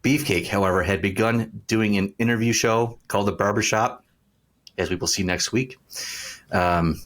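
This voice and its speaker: Deep-voiced man on a wrestling podcast. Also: steady tone, moderate pace, fairly bright tone. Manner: jokey, playful storytelling. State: mouth burning from hot snacks. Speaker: podcast co-host. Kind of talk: casual podcast chat and recap.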